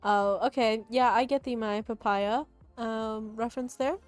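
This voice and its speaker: A woman streamer reacts to a dating game with wry, joking commentary. Her voice sits a little high, with faint music in the background. She chats casually, like a live stream. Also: normal speed. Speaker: VTuber streamer.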